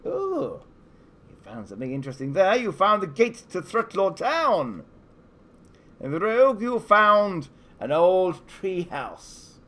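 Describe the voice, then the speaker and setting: A man narrates a live tabletop adventure for children, his voice slightly high for a man. His delivery swoops up and down as he paints each scene and lays out the players' options. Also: slow pace. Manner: animated storytelling, offering choices. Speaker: game master.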